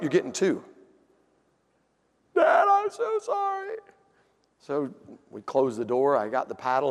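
A man telling a humorous family story in a sermon, folksy and animated. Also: on the high side, long reverb tail. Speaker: pastor.

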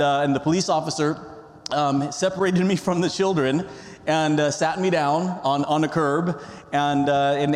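A middle-aged male pastor preaching a sermon, his voice sitting a little high for a man. He tells his story with frequent restarts and fillers, building into fervor. The sound rings with a long reverb from a large hall.

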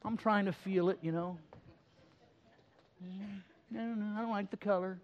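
A man's voice: sits high, steady tone, a little slow, pitched above the performer's own voice. A man mimicking a sulky, hard-to-please young churchgoer who mumbles and drags out complaints. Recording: slightly muffled sermon recording.

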